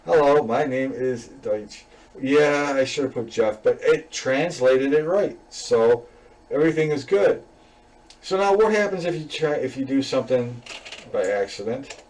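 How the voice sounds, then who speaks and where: A man talks through his coding assignment in a loose, easygoing way, full of "um"s, "you know"s and little laughs. His voice sits at an ordinary middle pitch and sounds a bit distant from the microphone. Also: normal speed. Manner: relaxed, rambling, many fillers and chuckles. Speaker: student presenting a class assignment. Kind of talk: casual screen-recorded code walkthrough.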